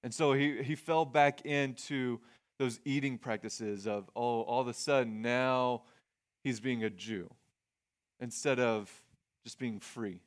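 A man's voice: medium pitch, steady tone, slow. A man preaching a sermon in a conversational way, reading scripture and explaining it plainly, often restarting his phrases. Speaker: pastor.

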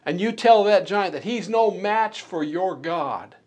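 Guy preaching a sermon, kinda high voice, punchy, slows way down on the big lines, stumbles and restarts a lot. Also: expressive, a little mellow. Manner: emphatic preaching, quick bursts and slow stresses, many restarts. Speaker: pastor.

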